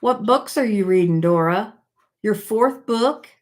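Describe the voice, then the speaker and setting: Slow-talking older woman chatting on a live stream. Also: medium pitch, lively intonation. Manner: halting and chatty, with many fillers and restarts. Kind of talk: casual live-stream chat, reading viewer comments aloud.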